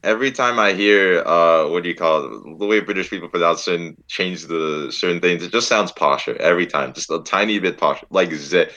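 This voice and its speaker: A man's voice: low-pitched, a little fast, hardly any pauses, bright, forceful tone, muffled recording. A young man chatting casually, rambling through goofy stories and laughing often. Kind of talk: casual chat.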